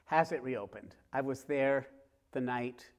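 A middle-aged author talking with a host before a live theater audience, telling stories in a lively way and acting out scenes. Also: male voice, mid-range voice, measured pace. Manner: lively, acts out scenes with sounds and quoted voices. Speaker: author guest. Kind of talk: animated storytelling in conversation.

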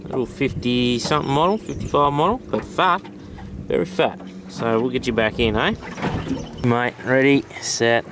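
A man's voice: medium pitch, moderate pace, noisy background. Sex: man. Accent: Australian. Style: chatty fishing commentary from a boat. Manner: chatty, talks to the fish, laughs a lot. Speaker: fishing vlogger. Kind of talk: casual running commentary. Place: on a boat outdoors.

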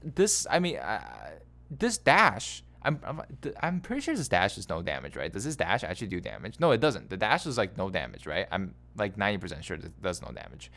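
Animated man coaching over gameplay footage. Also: low-pitched, brisk. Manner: exasperated, animated, repeats phrases, laughs in disbelief. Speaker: game coach reviewing a player's gameplay. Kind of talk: casual coaching commentary.

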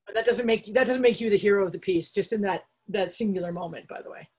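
A woman's voice: medium pitch, fast, darkish tone, breathy edge. A woman in a casual church group discussion, candid and anecdotal, with many fillers, heard over a video call.

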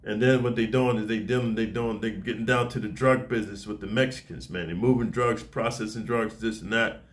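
A man's voice: on the low side, fairly even intonation, brisk. A man giving a casual, profane monologue to camera in boastful street talk, speaking as a martial arts teacher.

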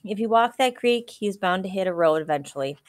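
A woman's voice: mid-range voice, animated, fairly quick, no room sound, clean studio sound, lightly acted. A woman voicing a determined young boy raised in the woods, blunt and matter-of-fact.

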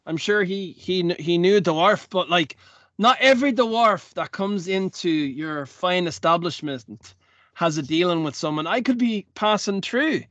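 A man's voice: high-pitched, lively intonation, unhurried, a bit bright, no echo, muffled recording. A man voicing a sociable, secretive male dwarf traveller who talks hesitantly and stumbles over his words. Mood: chatty.

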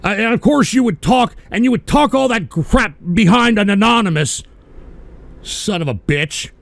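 A man from Texas, hosting a livestream talk show and ranting combatively about politics while shouting insults at trolls. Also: very high voice, moderate pace, gravelly. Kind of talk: angry political rant to live chat.

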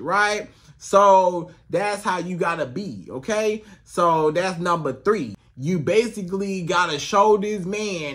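A man's voice: high-pitched, animated, slow, few pauses, fairly bright tone. A man coaching on relationships in a casual, emphatic monologue straight to the viewer, repeating his points. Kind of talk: direct-to-camera advice monologue.

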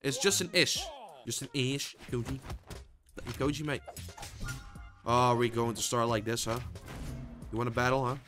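A young man commentating his own gameplay, swinging between frustrated shouts and low muttering, swearing often. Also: fairly even intonation, moderate pace, pauses often, over music. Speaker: gaming YouTuber.

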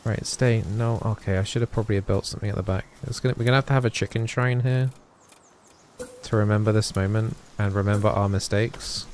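A man's voice: lowish voice, fairly even intonation, fairly quick, darkish tone, a little hiss or hum. Man doing playful gaming commentary. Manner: playful, mock-solemn, chatty with fillers. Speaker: gaming YouTuber. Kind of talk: let's play commentary.

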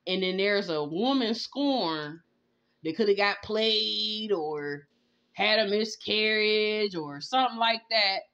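A woman's voice: mid-range voice, takes it slowly, a bit bright, clean tone, highs cut off. A woman giving a casual tarot reading, ranting in disbelief with lots of cursing and bursts of laughter. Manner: profane, laughing, incredulous ranting. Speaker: tarot reader. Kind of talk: casual spiritual reading vlog.

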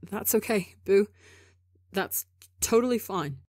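A woman's voice: medium pitch, lively intonation, slow, a little mellow, no echo, studio quality. A woman reading a desperate, apologetic young man in a story, pleading with stammers and broken restarts. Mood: earnest. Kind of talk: audiobook character reading.

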